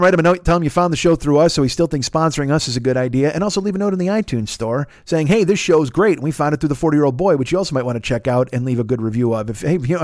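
A man's voice: on the high side, no room sound, clean studio sound. Profane, rambling man riffing through an ad. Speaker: podcast host reading an ad. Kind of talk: comedic ad read.

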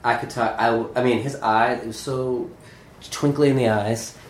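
A man's voice: medium pitch, fairly even intonation. Earnest guy guesting on a podcast, stops and restarts a lot, echoey room. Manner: halting, restarts often, earnest. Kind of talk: casual interview chat.

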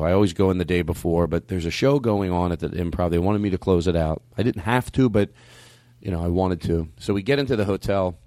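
A man and comedian hosting a podcast, telling a story in casual chat and acting out his own outbursts. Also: dry recording. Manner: animated storyteller who acts out his own outbursts, swinging high and loud.

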